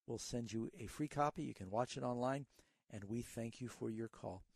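A man's voice: mid-range voice, normal speed, gravelly, darkish tone, slightly rough, no room sound. A man hosting a call-in Bible radio show, earnestly explaining scripture to callers in a teaching way. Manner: earnest, teaching tone with a storytelling aside.

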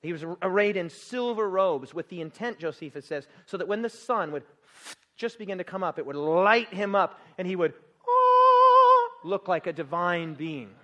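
A man preaching a sermon, lively and jokey, acting out scenes and laughing often. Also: on the high side, highs cut off.

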